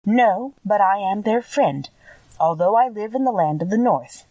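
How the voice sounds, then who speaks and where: A woman doing a sweet, calm old good witch. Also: mid-range voice, a little slow, no echo, recorded from a distance, rough recording. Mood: calm, kindly. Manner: sweet, calm, gently assured. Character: small, wrinkled, kindly old female good witch.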